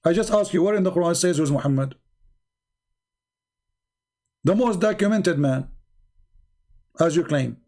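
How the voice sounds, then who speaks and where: A man's voice: a little high, animated, fairly quick, darkish tone. Insistent man in a heated debate. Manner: insistent, repeats phrases. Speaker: debate show host.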